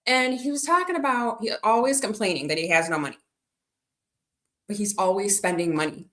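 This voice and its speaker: Bright-voiced chatty woman streamer. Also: medium pitch, brisk. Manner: chatty, rambling, reads out and answers viewer comments. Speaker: livestreaming vlogger. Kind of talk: casual live-stream chat.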